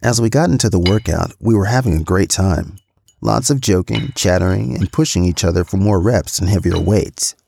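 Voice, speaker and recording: A man narrating a scripted first-person story in a steady, matter-of-fact reading voice. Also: sits low, normal speed, creaky, slightly rough, no room sound. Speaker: podcast storyteller.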